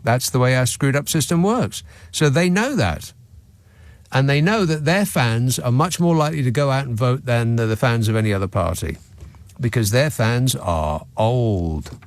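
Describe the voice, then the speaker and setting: A man's voice: medium pitch, expressive, moderate pace, no echo. A man hosting a radio phone-in, talking in a sarcastic, mocking, dry-witted way. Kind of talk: opinionated talk radio monologue. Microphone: studio microphone.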